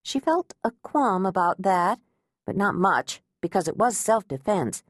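A woman narrating an audiobook with wry, even storytelling. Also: medium pitch, a little slow, no echo. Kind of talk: scripted narration. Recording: dry close studio sound.

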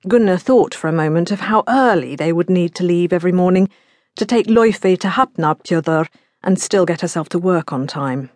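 In clean studio audio without echo, a female audiobook narrator reads a scripted mystery at a measured pace. She has a slightly mellow, lowish voice.

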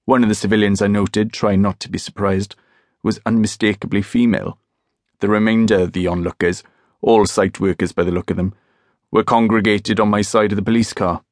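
Low-voiced guy reading a detective audiobook, wry and deadpan, super dry close mic. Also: a little fast, no echo. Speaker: audiobook narrator. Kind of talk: first-person crime novel narration. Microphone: close studio mic.

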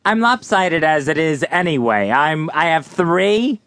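A man co-hosts a comedic radio show with a smooth, clear voice a little higher than most. He answers his partner in a dry, deadpan way, close to a dead studio mic. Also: a little slow, no room sound. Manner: deadpan, wry. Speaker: radio co-host.

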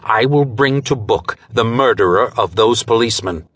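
A man voicing a controlled gentleman hero with a measured, grim way of speaking in an audiobook. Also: medium pitch, slightly rough. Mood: grim vow. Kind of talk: audiobook character voice.

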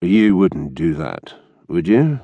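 A man voicing an impassive, wealthy man who speaks in a flat, controlled way. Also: on the low side, measured pace, dry recording, narrow, tinny audio. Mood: soft.

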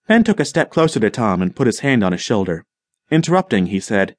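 A man narrating an audiobook in a measured storytelling manner. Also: lowish voice, animated, no echo. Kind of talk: scripted narration.

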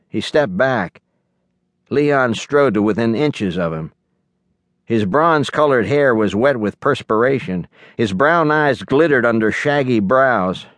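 A man narrates an audiobook in a measured, storytelling manner at an ordinary mid pitch. He is recorded close on a studio mic, and the sound is very dry. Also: no room sound. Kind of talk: scripted narration.

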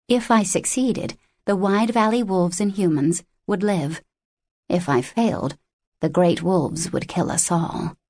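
Low-voiced woman narrating a fantasy audiobook. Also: no room sound, studio quality. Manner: measured, expressive storytelling. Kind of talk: scripted narration.

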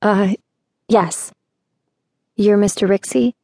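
A woman voicing an anxious, determined young woman in an audiobook, pleading in an earnest, hurried way. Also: mid-range voice, steady tone, darkish tone, no echo, studio quality. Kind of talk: audiobook character voice.

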